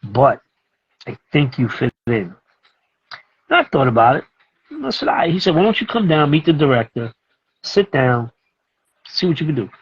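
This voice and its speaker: Husky New man telling stories. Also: fairly high pitch, normal speed, pauses often, lo-fi sound. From Brooklyn, New York. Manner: animated, acts out other people's lines as he tells a story. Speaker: music producer and teacher, guest. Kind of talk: casual storytelling interview.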